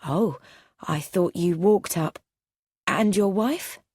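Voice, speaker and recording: A woman voicing a quiet, composed young housekeeper who speaks politely and reservedly. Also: on the low side, slow pace, slightly rough, no echo, studio quality.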